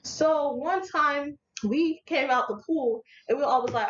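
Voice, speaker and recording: A young woman vlogger telling a story in casual, slangy speech, animated and laughing along as she talks. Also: sits high, moderate pace, hardly any pauses. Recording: echoey room, dull lo-fi audio, faint noise.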